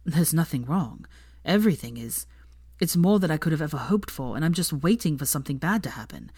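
A woman reads as an anxious young man, brooding and guarded, his lines low, hushed and halting. The voice is deep for a woman and sits dry and close to the mic, with no room around it. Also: lively intonation, breathy edge, no echo. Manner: hushed, halting, heavy sighs.

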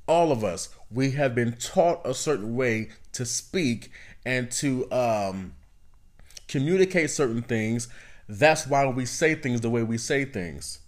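A man hosts a self-help podcast in a casual, conversational way. His pitch is middling for a man. He circles back over his points and keeps checking in with his listeners. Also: lively intonation, takes it slowly. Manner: conversational, repeats phrases, asks "you know what I mean?". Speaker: podcast host.

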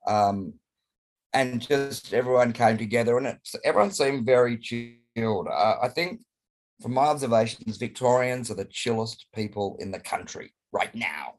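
An Australian man with a hoarse, croaky voice from a chest cold, chatting expressively as an interview guest over a video call. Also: mid-range voice, moderate pace. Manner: chatty and expressive, colourful phrasing. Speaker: guest performer. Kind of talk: casual interview chat.

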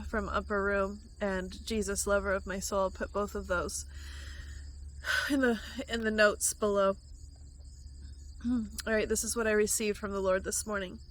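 A woman sharing a devotional message of prayer and prophecy, speaking in an earnest, tender, emotional way with soft pauses. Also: medium pitch, a little hiss or hum, low-quality recording. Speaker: Christian prophetic vlogger.

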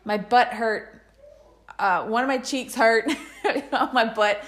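A woman's voice: a little high, steady tone, slow. Laughing woman telling a story. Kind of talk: casual storytelling chat.

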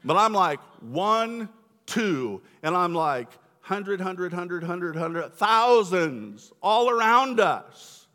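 A preacher acting out a panicking young servant. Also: male voice, sits high, big pitch swings, slow, long reverb tail, voice pushed down, full character voice. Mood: incredulous. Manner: frantic, loud.

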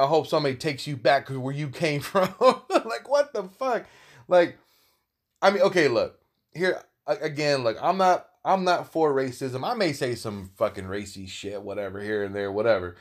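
Profane rambling podcast man. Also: mid-range voice. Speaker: podcast host. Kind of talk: casual solo podcast talk.

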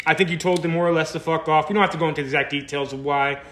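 A man's voice: a little high, steady tone, very fast, a bit bright. A young man hosting a casual podcast chat, teasing his guests and laughing often. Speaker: podcast host.

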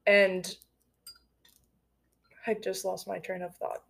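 A woman's voice: mid-range voice, level tone, slow pace, creaky, a crowd in the background. A young woman co-hosting a podcast, speaking casually and directly. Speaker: podcast co-host.

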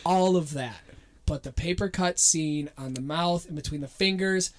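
Teasing high-voiced young man podcaster. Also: normal speed, a crowd in the background. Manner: teasing, joking, laughs a lot, swears. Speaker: podcast co-host. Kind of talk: casual podcast banter. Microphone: podcast microphone.

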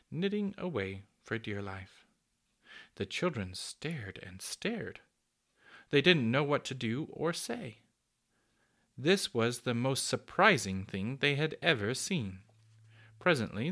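A man reading a children's story aloud in a gentle, unhurried way, with small slips and rereads. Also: mid-range voice.

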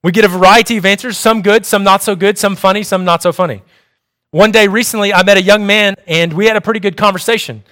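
A young man delivering a sermon, reading in a measured, explanatory way. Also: sits high, steady tone, a bit bright. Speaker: preacher.

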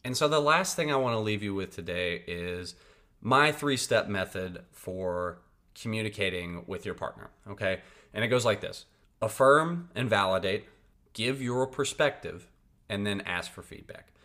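A man's voice: lowish voice, lively intonation, moderate pace, bright, forceful tone. A man hosting a podcast, giving casual advice in a blunt, profane, emphatic way and often checking in with his listeners. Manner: conversational, checks in with "right?" and "okay?". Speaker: podcast host.

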